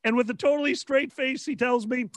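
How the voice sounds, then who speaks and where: A tipsy man with a Chicago accent hosting a comedy panel, telling rambling, excitable stories. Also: very high voice, a little fast, dry recording, studio quality. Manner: rambling, excitable, does voices in anecdotes. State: tipsy from drinking. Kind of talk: drunk comedic storytelling. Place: convention panel stream.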